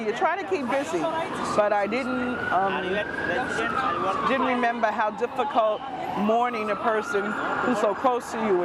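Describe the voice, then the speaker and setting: Middle-aged man, high voice, halting and reflective, loud street noise.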